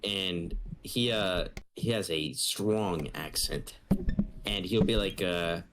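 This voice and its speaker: A young man with a low-pitched voice chats on a casual podcast. He tells stories with animated energy and swears freely. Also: takes it slowly, slight background noise. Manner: animated storyteller, swears freely, mimics others. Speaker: podcast co-host.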